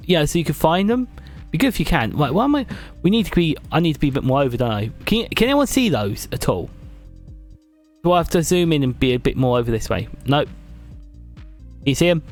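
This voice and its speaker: A British man streaming live, chatting and joking with his viewers as he ranks favourites on a tier list. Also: a little high. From Britain. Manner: chatty, jokey, reads and answers chat.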